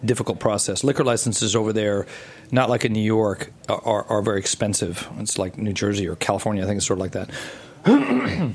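Rambling low-voiced man telling a story. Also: big pitch swings, a little fast, darkish tone, husky. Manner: rambling, many restarts and fillers. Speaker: guest. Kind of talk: casual storytelling interview.

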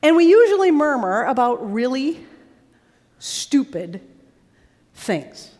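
A woman preacher giving a sermon in a large worship hall, with an animated and dramatic delivery. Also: high-pitched, takes it slowly. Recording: long reverb of a large hall.

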